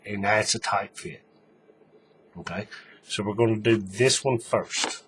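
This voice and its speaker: A man's voice: fairly low pitch, measured pace, a bit bright, a little hiss or hum. A man giving a casual, folksy hands-on craft tutorial, talking while he works. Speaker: paracord tutorial maker.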